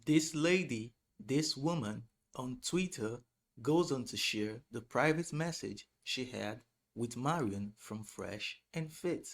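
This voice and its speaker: A man's voice: mid-range voice, lively intonation, takes it slowly. A man in a played-back clip, plainly reading out private messages.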